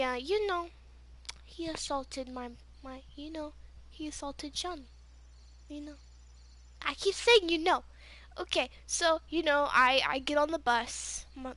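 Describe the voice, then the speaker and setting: Casual vlog storyteller: a high-pitched woman who rambles slowly, leans on fillers and flares up into loud outbursts. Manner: rambling, heavy use of "you know" and "like"; excitable, bursts into yelling when retelling. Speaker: gaming vlogger.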